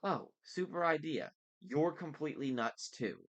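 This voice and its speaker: A man reading aloud and voicing a defiant, sarcastic teenage girl in a raised, sharp voice. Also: on the high side, lively intonation, unhurried, voice pushed up.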